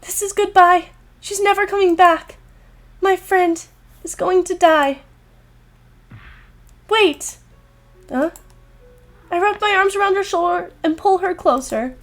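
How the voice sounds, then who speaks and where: A woman voicing a high, urgent schoolgirl heroine. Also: unhurried. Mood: tearful. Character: earnest teenage schoolgirl heroine, emotional.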